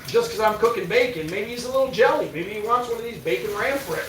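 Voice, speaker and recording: A man hosts a casual stream, teasing his viewers in an easygoing way with plenty of swearing. His voice sits high. It comes from a distance in an echoey spot, with faint noise underneath. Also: expressive, fast, a bit bright. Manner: laid-back, teasing, swears freely. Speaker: livestream host. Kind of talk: casual chat.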